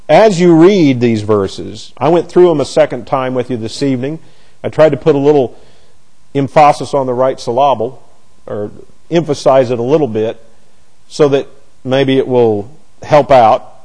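Halting, mellow-voiced male Bible teacher. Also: medium pitch. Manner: halting, repeats words while searching for phrasing.

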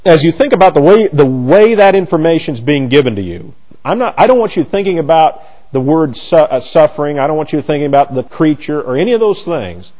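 A man's voice: on the high side, very animated, dark tone. A middle-aged man teaching a Bible class, often stumbling and repeating words as he works out his phrasing. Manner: halting, repeats words while searching for phrasing.

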